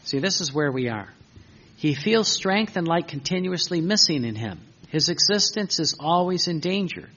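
Man, informal spiritual talk, rambling anecdotes, joking asides, raspy voice, muffled lo-fi room recording. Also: on the high side, lively intonation, normal speed, sharp tone. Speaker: religious group teacher. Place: room with a seated group. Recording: dull lo-fi recording.

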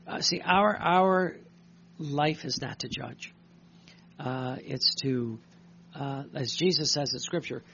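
Gravelly man preaching, hesitant. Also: mid-range voice, bright, forceful tone. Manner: halting, many fillers and restarts, clears throat often. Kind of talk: sermon with read-aloud passages. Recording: muffled recording with faint hum.

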